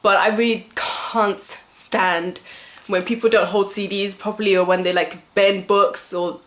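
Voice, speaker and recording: A woman vlogger ranting casually to camera, animated and exasperated, with lots of fillers and laughs. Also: medium pitch, measured pace, roomy sound.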